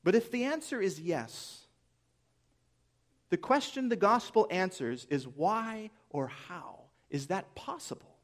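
A pastor delivers a sermon in a slightly high, earnest, expressive voice. He preaches emphatically, poses rhetorical questions, and lets key phrases land slowly.

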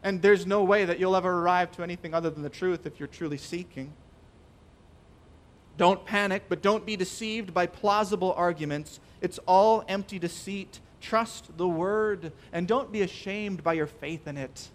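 A man preaching a sermon, emphatic and stressing key phrases by slowing down. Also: high-pitched.

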